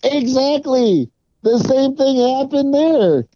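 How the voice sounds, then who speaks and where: A man's voice: extremely high pitch, animated, takes it slowly, dark tone, no echo, highs cut off. A man co-hosting a casual sports podcast, sarcastic and profane, talking in loose run-on sentences. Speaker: podcast co-host.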